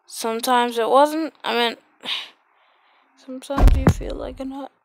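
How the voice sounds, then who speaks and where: A woman's voice: high-pitched, fairly even intonation, measured pace, gravelly, long pauses, no echo. A woman giving casual, sarcastic gameplay commentary into a close mic, with sudden exclamations. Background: loud game music.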